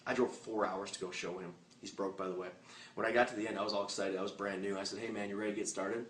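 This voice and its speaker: Man, low voice, rapid-fire motivational pitch, joking and fired up, echoey room heard from a distant mic. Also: level tone, fairly bright tone, a little hiss or hum. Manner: punchy, joking, fired-up delivery. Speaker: network marketing presenter. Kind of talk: motivational recruiting talk. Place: meeting room with a live audience.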